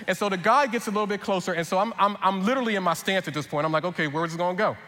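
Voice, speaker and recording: A man preaching a sermon as pastor, telling a personal story in an animated way with quick repeats, then turning earnest. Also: sits high, in a large hall.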